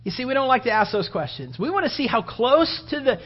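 A man's voice: very high-pitched, big pitch swings, a little fast, breathy edge. A man preaching a sermon as pastor, conversational and repetitive, in a dull lo-fi recording. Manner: conversational and repetitive, plays out the story in voices.

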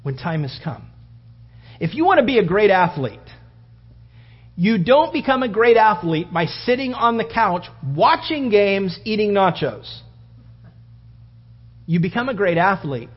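Man preaching, dramatic storytelling, husky tone, somewhat high voice, dull lo-fi recording. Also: big pitch swings, a little slow, long pauses. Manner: dramatic, acts out the story with loud outbursts and hushed whispers. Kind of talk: sermon. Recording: dull lo-fi sound.

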